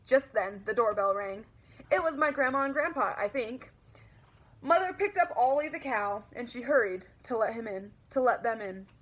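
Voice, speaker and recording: A woman narrating a children's audiobook in a lively, childlike storytelling manner. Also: fairly high pitch, moderate pace.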